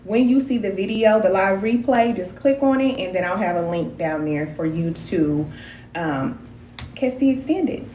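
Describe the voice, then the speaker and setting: This fairly high-pitched woman hosts a laid-back live stream as a spiritual wellness practitioner, calling her audience cousins in a lively, folksy way. The room echoes, with slight background noise.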